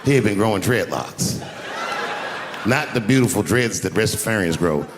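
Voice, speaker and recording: A male stand-up comedian telling stories on a handheld mic, swinging into loud acted-out outbursts, live in a large arena with the audience laughing. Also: fairly low pitch, lively intonation, moderate pace, big-room sound, very noisy. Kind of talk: stand-up routine. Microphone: handheld stage mic. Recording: live arena with roaring crowd.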